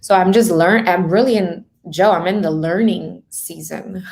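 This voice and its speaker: A woman's voice: fairly low pitch, unhurried, gravelly, a little mellow. A woman coaching guest in casual podcast chat, talking openly in a chatty way and filling her speech with "like" and "right?".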